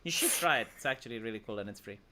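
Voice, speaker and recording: A man's voice: medium pitch, expressive, racing, pushed and bright, slight background noise. A man with a Romanian accent chatting on a stream, rambling and stammering through restarts. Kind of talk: casual stream banter.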